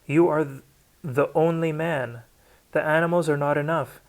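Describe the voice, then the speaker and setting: A man's voice: on the high side, fairly even intonation, moderate pace, pitched above the performer's own voice, natural voice. Man putting on a frail, desperate young woman. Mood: urgent pleading. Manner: urgent, pleading.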